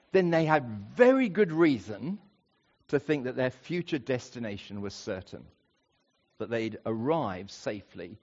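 A man preaching a sermon, slowing down and rising in pitch to stress key points. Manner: expressive, rising for emphasis and slowing on key phrases. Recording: dull lo-fi recording.

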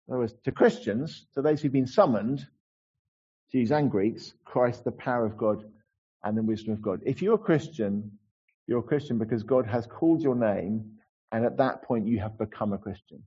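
Husky pastor preaching casually. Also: male voice, medium pitch, normal speed, mellow, lo-fi sound. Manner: conversational preaching with restarts and asides. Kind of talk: sermon.

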